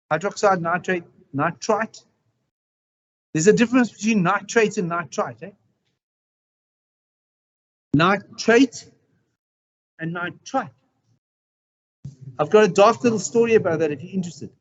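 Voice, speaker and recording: A man's voice: high voice, breathy edge, lo-fi sound. A male science teacher giving a chemistry lesson to his class, chatty and telling anecdotes along the way.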